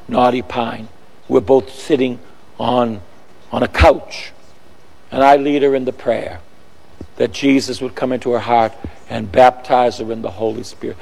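A man tells a personal story as a radio priest, chatting and wandering as he searches for words. His voice has a gravelly edge. It rings with a long reverb. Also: mid-range voice, a little mellow. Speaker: Catholic priest, radio preacher. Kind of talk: storytelling testimony on a radio broadcast.

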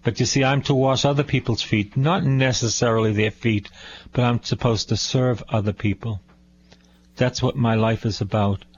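A male priest preaching a radio sermon, unhurried, repeating phrases for emphasis. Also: medium pitch, fairly even intonation, dull audio.

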